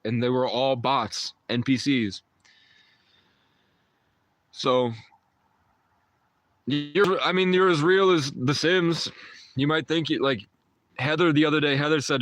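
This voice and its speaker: A man's voice: mid-range voice, a little slow, long pauses, a bit bright. A young man hosting a live stream, telling a rambling story to his chat and filling it with "like" and restarts. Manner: rambling, uses "like" often, trails off and restarts. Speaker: livestream host.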